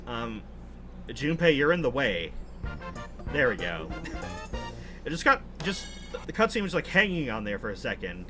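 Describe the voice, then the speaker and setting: A young man talks over game clips in a relaxed, amused way and chuckles often. His voice sits a bit high and moves lively up and down. A faint hiss sits under it. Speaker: host. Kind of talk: casual game commentary.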